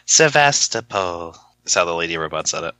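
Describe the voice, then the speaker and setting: A man's voice: sits low, lively intonation, brisk, pushed and bright, no room sound. A man co-hosting a podcast, chatting casually in a rambling, playful way. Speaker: podcast co-host. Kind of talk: casual chat.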